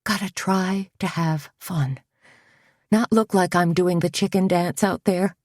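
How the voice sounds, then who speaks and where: A woman's voice: on the low side, fairly even intonation, a little slow, no room sound. A woman voicing a wry, nervous small-town woman in a storybook reading, with a dry delivery.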